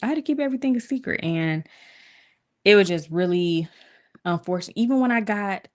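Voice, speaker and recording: A woman's voice: medium pitch, fairly quick. A young woman, telling viewers a story in a casual stream and acting out quoted voices. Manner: animated, acts out quoted voices with cursing.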